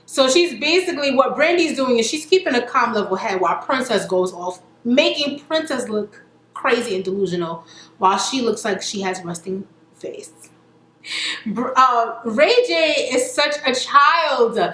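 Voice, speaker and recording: A woman's voice: on the high side, lively intonation, moderate pace, a bit bright, reverberant, a little hiss or hum. A woman casually recapping a reality TV episode, chatting and quoting the cast as she goes. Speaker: reality TV reviewer.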